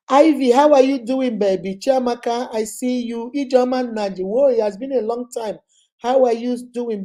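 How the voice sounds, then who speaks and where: Her voice sits on the high side and sounds mellow, though a cold is making it slightly hoarse. This Nigerian woman in her thirties runs a casual live stream, chatting and greeting her viewers by name.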